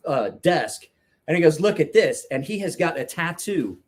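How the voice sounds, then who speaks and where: Male storyteller with a raised, animated voice; swears freely and rambles through his anecdote. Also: fairly high pitch, normal speed. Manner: profane, rambling anecdote with laughs. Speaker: storyteller guest. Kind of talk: casual storytelling chat.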